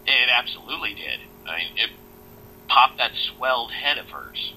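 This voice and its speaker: A man's voice: mid-range voice, very animated, moderate pace, gravelly, pushed and bright, slight background noise, poor audio. A man co-hosting a casual wrestling podcast, talking bluntly and swearing now and then. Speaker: podcast co-host. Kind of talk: casual chat.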